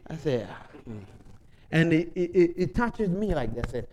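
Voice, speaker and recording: A man preaching a testimony in broken English, telling his story with animation and dropping from quiet, low passages into loud, excited ones. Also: slow, pauses often, low-quality recording. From Africa. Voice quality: non-native English, broken grammar. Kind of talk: sermon testimony.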